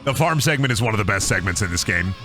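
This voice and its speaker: Lively, profane Iowan streamer. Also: male voice, lowish voice, quick pace, over music. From Iowa, USA. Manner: rambling, profane, jokey. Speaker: game streamer. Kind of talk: casual gaming commentary.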